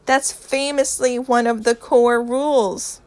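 A woman's voice: fairly high pitch, steady tone, darkish tone. Woman voicing an outraged dramatic young man. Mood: exasperated. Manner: exasperated, theatrical, slow emphatic.

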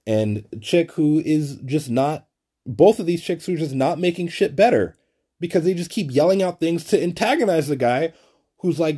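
A man's voice: fairly high pitch, lively intonation, normal speed, dark tone, breathy edge. A young man, host of a podcast, telling a story in a casual, profane, rambling monologue full of "like". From Flatbush, Brooklyn. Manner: profane, rambling, heavy use of "like".

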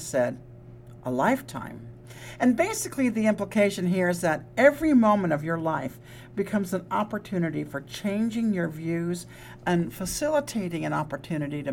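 This is a woman hosting a relaxed wellness talk in a somewhat low voice. She talks earnestly, stumbling and restarting with fillers as she explains ideas. A faint hum sits behind her. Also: moderate pace. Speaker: co-host, psychologist. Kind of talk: casual podcast chat.

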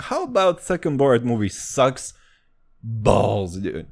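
Very animated, a little slow, and marked by vocal fry, this young podcast host rambles through casual talk. He curses plenty, jokes as he goes, and leaps between subjects with wildly varying pitch.

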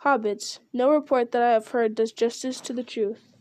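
A woman's voice: on the high side, fairly even intonation, normal speed, no room sound, close to an everyday voice. A woman reading a stately older male king, formal and courtly.

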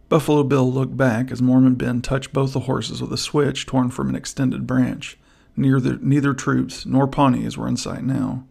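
Gravelly husky male narrator. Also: medium pitch, little pitch movement, normal speed, a little mellow. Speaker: audiobook narrator. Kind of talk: scripted narration.

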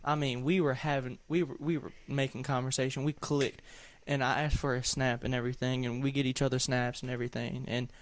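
A man's voice: medium pitch, level tone, brisk, few pauses. Young Southern man, rambling storyteller. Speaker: podcast co-host. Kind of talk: casual chat.

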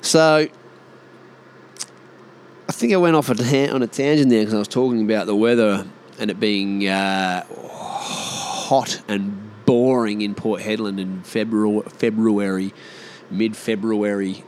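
A man's voice: lowish voice, unhurried, darkish tone, a little hiss or hum. A man in his thirties with an Australian accent, rambling casually on his own and swearing freely. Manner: swears freely, mimics mates in exaggerated voices. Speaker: vlogger.

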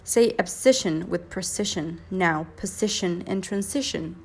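Slow, deliberate woman reciting a poem. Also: fairly low pitch, slightly rough.

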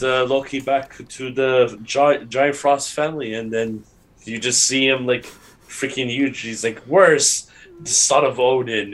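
A man in casual chat as a podcast co-host, excitable and rambling, laughing often. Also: mid-range voice.

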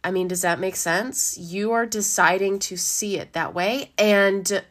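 A woman, a life coach giving a gentle, encouraging talk with a slightly dry throat, who laughs often and acts out inner voices. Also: mid-range voice, fairly even intonation, measured pace. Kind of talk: casual motivational talk.

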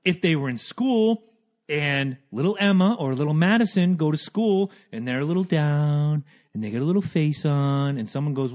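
A man co-hosting a casual podcast, ranting loudly and swinging between calm and heated, his voice hoarse from yelling. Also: fairly high pitch, fairly quick. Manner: loud, rants with animated swings. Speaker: podcast co-host.

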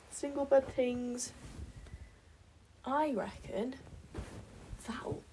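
Building a blanket fort indoors, this young British vlogger talks casually to herself and her pets, frequently dropping to a whisper. She has a slight cold and is a little out of breath, speaking in a high, animated, slightly mellow voice at an extremely slow pace with frequent pauses. A little hiss or hum sits under the audio.

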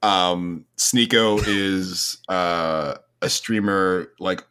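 Deep-voiced man, meandering chat. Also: fairly even intonation, drawn-out words, sharp tone, smooth. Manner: meandering, hesitant with many ums. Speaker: podcast co-host. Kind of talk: casual podcast chat.

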